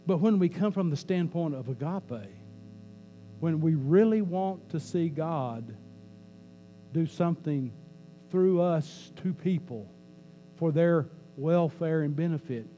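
A man delivering a church sermon, his voice fairly high yet mellow and warm. He talks to the congregation in a loose, joking way and repeats his key lines for emphasis. A faint hum sits under the recording. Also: animated, slow, long pauses, dull audio. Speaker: pastor.

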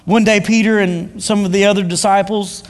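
A male preacher gives a casual storytelling sermon, with a fairly high voice for a man. He talks in loose spoken style, with fillers and repeated words, and long reverb hangs on his voice from a large hall. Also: fairly even intonation, moderate pace.

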